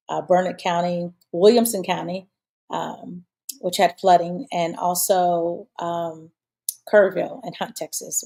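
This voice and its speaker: Hosting her own talk show, a woman chats casually in a live-show style, rambling with plenty of fillers and restarts. Her voice is on the low side and dark in tone, with vocal fry.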